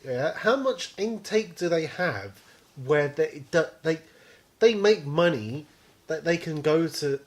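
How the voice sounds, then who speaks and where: A young man, his voice sitting a little high, trades jokes on a podcast. He riffs quickly on absurd theories and asides in a loose, chatty way. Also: expressive. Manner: joking, quick to riff on wild theories. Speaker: podcast co-host. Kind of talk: casual chat.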